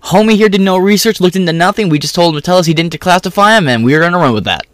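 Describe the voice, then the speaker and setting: A man voicing a mocking caricature of a whiny, lazy male legal-team staffer in a high, whiny tone. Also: lively intonation, racing, a bit bright, no room sound, clean studio sound.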